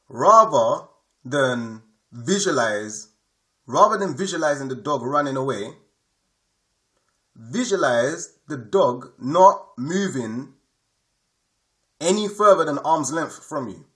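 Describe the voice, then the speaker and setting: A spiritual teacher, male, delivers an explanatory lesson in a medium-pitched, fairly bright voice. He hammers his points home through repetition and keeps checking in with the people listening.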